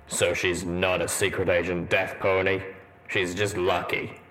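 A gruff armored pony soldier from an audio storybook, played by a man, his voice deep and rumbling with a very low pitch. He lays out every point in a dry, measured deadpan, with a faint hiss behind him.

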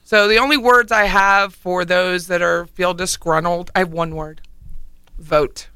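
A woman's voice: fairly low pitch, fairly even intonation, moderate pace, pushed and bright, clean tone, no room sound. A woman with a Philadelphia accent hosting a radio talk show, speaking in a casual, emphatic way and hammering home key words. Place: radio studio.

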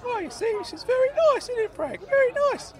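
A man voicing a fussy, nostalgic older uncle in a high, squeaky put-on voice, prim and insistent, in a comedy podcast sketch. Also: expressive, fast, a faint crowd. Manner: insistent, prim and easily delighted.

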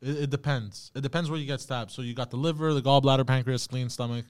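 A man's voice: mid-range voice, fairly even intonation, quick pace, clear, resonant tone. A man co-hosting a podcast in a casual chat, hesitantly looking things up and reading them aloud. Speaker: podcast co-host.

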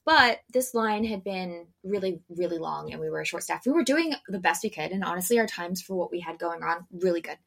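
A young woman co-hosting a casual podcast, telling a work story with lively voices for the customers. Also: brisk, creaky, hardly any pauses. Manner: animated storyteller, acts out customers with big pitch jumps. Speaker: podcast co-host.

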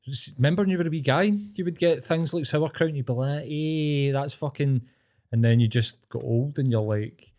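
A man's voice: medium pitch, brisk, a little mellow. A Scottish man co-hosting a podcast, chatting in enthusiastic, sweary banter. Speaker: podcast co-host. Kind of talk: casual chat.

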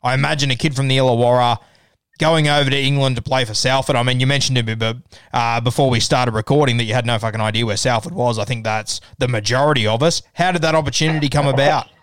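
Smooth-voiced podcast host. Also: male voice, mid-range voice, steady tone, fast talker, a bit bright, dry recording, clean studio sound. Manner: friendly, matey, sets up questions with long lead-ins. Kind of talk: conversational interview.

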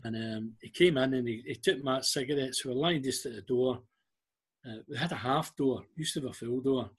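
With a brisk, husky, mid-range voice, this older Scottish-accented guest, a former club liaison officer, shares anecdotes in a casual interview. He acts out the voices of the people in his stories.

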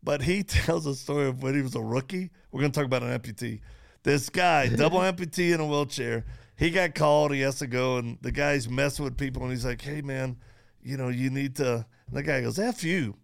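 A man hosting a podcast interview, telling stories in quick animated bursts and laughing as he goes. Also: medium pitch, gravelly. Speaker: podcast host. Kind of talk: casual interview chat.

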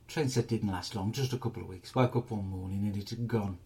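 A man's voice: fairly low pitch, fairly quick, hardly any pauses, a little mellow. A man hosting a comic film club, retelling film plots in a crude, rambling, sweary way. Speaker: comedy film club host. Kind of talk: comic film review monologue.

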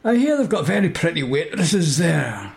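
A man's voice: a little high, big pitch swings, moderate pace, gravelly, darkish tone. A man co-hosting a comic story podcast, joking and chuckling in casual chat. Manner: jokey, chuckling, rambling. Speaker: co-host and character reader.

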